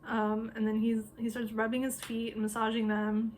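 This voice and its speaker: A woman's voice: on the high side, completely flat delivery, normal speed, a little mellow, slight background noise. A woman astrologer casually retelling a memoir, talking loosely with lots of "um" and "like" fillers. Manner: loose, filler-heavy talk with frequent "um" and "like".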